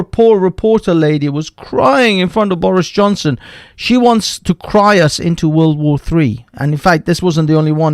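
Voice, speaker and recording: A man's voice: fairly high pitch, a little mellow, clean tone, no echo, studio quality. Heated, foul-mouthed male streamer. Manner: profane, heated, interrupts himself. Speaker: livestream host. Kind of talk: ranting live commentary.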